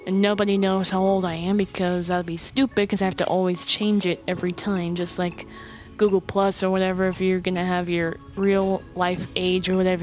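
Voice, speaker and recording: A woman giving casual gameplay commentary for her video, rambling and halting with many restarts. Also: medium pitch. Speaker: game video creator.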